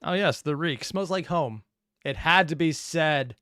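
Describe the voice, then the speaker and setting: Sarcastic male reaction host, crisp and dry. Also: on the high side, a little slow, sharp tone, dry recording. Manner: sarcastic, joking asides. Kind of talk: casual commentary.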